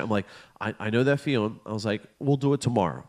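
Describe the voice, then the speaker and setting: A man's voice: mid-range voice, fast talker, darkish tone. A middle-aged man co-hosting a podcast, telling a long story in a casual, profane way and acting out what people said. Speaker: podcast co-host.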